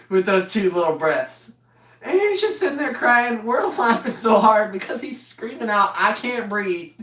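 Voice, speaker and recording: Laughing storyteller woman in echoey room. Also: medium pitch. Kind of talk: casual chat. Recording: echoey room, mic far off.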